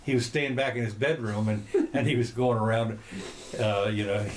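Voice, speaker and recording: A man's voice: on the low side, steady tone, a little hiss or hum. Guy hosting a chat show, rambly, keeps restarting sentences. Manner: rambling, halting, many restarts. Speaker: podcast host. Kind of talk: casual chat.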